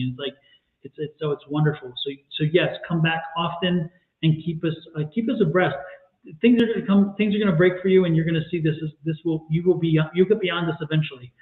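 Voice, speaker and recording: Animated man over a tinny line. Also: on the high side, quick pace. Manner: animated, enthusiastic, emphatic. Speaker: tarot reader co-host. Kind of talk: livestream chat. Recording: echoey, phone-like audio.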